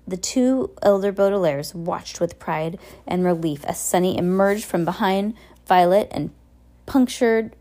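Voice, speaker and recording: A woman reading a novel aloud in a plain, unhurried storytelling manner. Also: medium pitch, warm tone. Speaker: reader.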